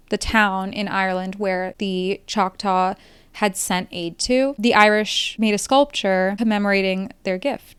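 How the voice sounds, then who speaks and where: A woman's voice: mid-range voice, smooth, no echo. A young woman hosting a film podcast, chatting enthusiastically with lots of "like" fillers. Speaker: podcast host reviewing films. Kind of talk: casual film review monologue.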